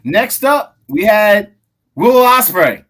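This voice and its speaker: A man hosting a casual podcast chat, animated, playful and swearing freely. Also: high-pitched, slow pace. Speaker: host.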